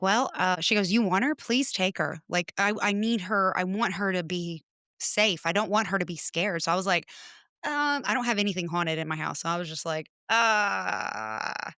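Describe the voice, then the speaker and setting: A woman's voice: medium pitch, normal speed, bright, forceful tone, no echo. A woman chatting as a podcast guest from her home studio, telling stories animatedly and acting out conversations. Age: adult with children. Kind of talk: casual chat.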